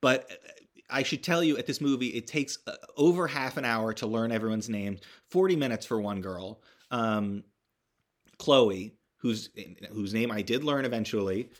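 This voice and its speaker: Speaking at a moderate pace and middle pitch, a young man recaps a film for his podcast in a loose, rambling way full of fillers and restarts, with false starts along the way. He sounds sardonic and drops the odd swear word for emphasis.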